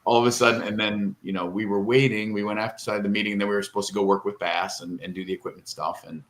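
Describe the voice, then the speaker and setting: A man's voice: on the low side, level tone, fast, fairly bright tone. A middle-aged man co-hosting a podcast, telling a long, rambling, emotional story in casual chat and tearing up. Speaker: podcast co-host.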